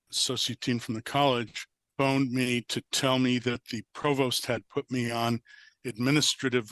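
Bright-voiced male professor, matter-of-fact. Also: medium pitch, no room sound. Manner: measured, matter-of-fact retelling. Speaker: university economics professor. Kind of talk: recounting a personal story. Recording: played back as an audio clip.

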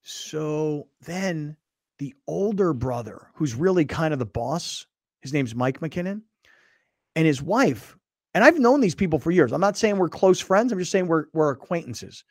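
A male podcast host telling a story in casual chat, animated and acting out the voices of others. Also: fairly high pitch, unhurried, no room sound, studio quality. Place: studio.

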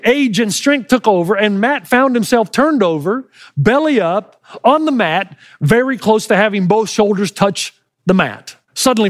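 A middle-aged man preaching from the pulpit with a high, bright-sitting voice. He tells his story with animated energy, rising into loud, shouted lines. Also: no echo, studio quality. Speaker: pastor. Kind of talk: sermon.

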